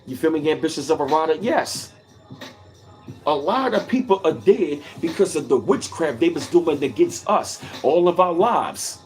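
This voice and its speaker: A man on a casual livestream speaks in a somewhat high, very animated voice, swinging his pitch up and down as he drives each point home. His delivery is emphatic and repetitive, full of swearing, and he calls out chat viewers by name. Faint music plays behind him. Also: normal speed, hardly any pauses. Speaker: livestream host reading chat.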